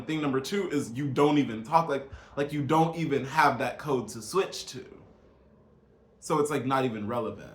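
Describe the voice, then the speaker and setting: A man's voice: medium pitch, fairly bright tone. Man ranting, incredulous, in an echoey room. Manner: incredulous, emphatic, addresses viewers as y'all. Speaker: vlogger. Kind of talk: casual political rant to camera.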